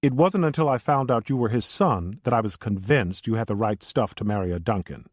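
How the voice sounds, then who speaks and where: Guy doing an older crime family boss, calm and sure of himself, dry sound. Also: on the low side, brisk, dry recording, natural voice. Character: confident older male crime-family patriarch.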